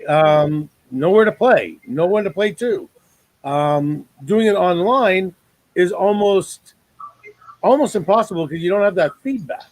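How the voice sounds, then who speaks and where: A man's voice: high-pitched, animated, a little slow, dry recording, low-quality recording. A man hosting a casual online talk show over a video call, joking and rambling with lots of fillers.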